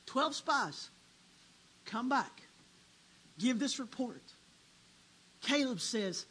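A preacher delivering a dramatic sermon, swinging between hushed and loud. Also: medium pitch, lively intonation, slow pace, long pauses, poor audio.

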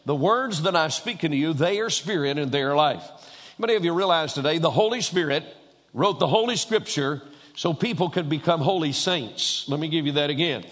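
A man's voice: fairly high pitch, a little fast, a bit bright. Preacher man in an echoing hall. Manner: storytelling with quoted dialogue, emphatic repetition. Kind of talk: sermon. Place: church sanctuary. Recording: long reverb of a large hall.

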